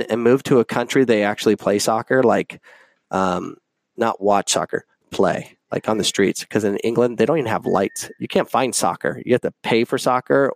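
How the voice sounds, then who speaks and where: An opinionated man hosts his own show in a casual, emphatic rant peppered with fillers. His voice sits low with a gravelly fry. The sound is dry and close. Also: dry recording. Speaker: podcast host.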